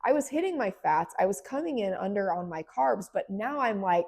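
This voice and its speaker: A woman in her late thirties telling a personal fitness story in a casual, emphatic vlog, swinging between low, weary stretches and bursts of excitement. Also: normal speed, gravelly, hardly any pauses. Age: 30s. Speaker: fitness vlogger.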